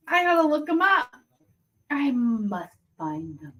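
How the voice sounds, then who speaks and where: In a sing-song, fairly high-pitched voice with a sharp tone, a woman speaks slowly while hosting a livestream that reacts to court videos. She keeps things casual, giggling and chatting as she tastes candy and savors it aloud.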